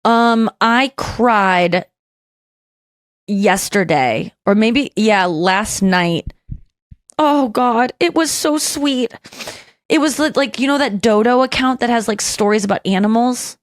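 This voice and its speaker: A woman's voice: fairly high pitch, slow, no room sound. A young adult woman hosting a podcast, telling emotional stories in a rambling, casual way. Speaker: podcast host. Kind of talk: casual chat.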